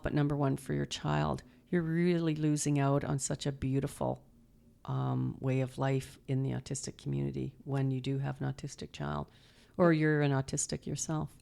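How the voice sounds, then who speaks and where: A middle-aged woman telling animated stories as an interview guest, laughing often and acting out quotes. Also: deep voice, moderate pace, gravelly, clean tone. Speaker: guest, mother and performer. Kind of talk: storytelling interview.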